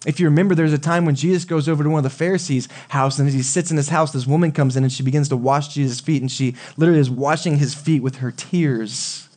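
A male pastor preaching a sermon in a relaxed, conversational way, often asking the congregation questions. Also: on the high side, quick pace, few pauses. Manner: conversational, asks the audience questions.

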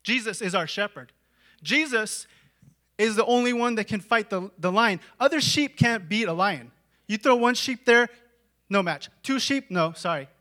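A man preaching a sermon in a conversational way, full of "like" and "right?", dropping to a hush and then rising to shouts. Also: high voice, animated, normal speed. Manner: dramatic swings from hushed to shouting.

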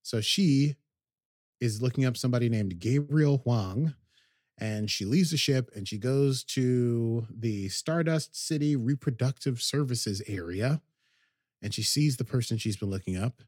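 A man of middle pitch talks casually through a story recap, wandering off track and circling back with plenty of ums and half-finished phrases. His voice sits close and dry, with no room sound around it. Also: a little slow, a little mellow, no echo. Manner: rambling, hesitant, many ums and restarts. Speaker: podcast host.

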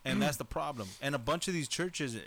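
A man's voice: on the high side, a little fast, vocal fry, fairly bright tone. Blunt, profane man ranting. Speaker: talk radio co-host. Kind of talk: casual chat.

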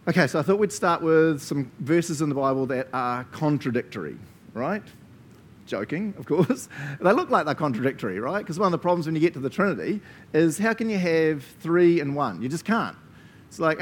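A man's voice: fairly high pitch, lively intonation, moderate pace, slight background noise. Joking New Zealand preacher, man. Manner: casual, joking, laughs often. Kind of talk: sermon.

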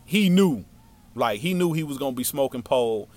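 A man telling a story from his childhood in a casual, slangy, animated way. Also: medium pitch, fast talker.

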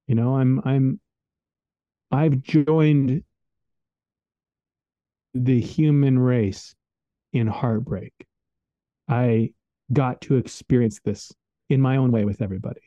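Very dark-voiced man in casual chat. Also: medium pitch, steady tone, takes it slowly, pauses often, dry recording. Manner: rambling and earnest, heavy use of "like" and "man". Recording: dull lo-fi dry recording.

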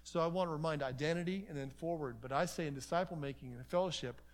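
A man with a fairly high voice moves at a quick pace through a conference seminar. His teaching is conversational, built on animated stories, acted-out exchanges, and plenty of asides.

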